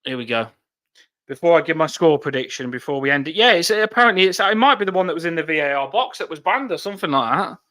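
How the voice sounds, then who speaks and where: A man co-hosting a fan football channel, chatting casually with jokey, excitable banter. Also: on the high side, quick pace, no room sound.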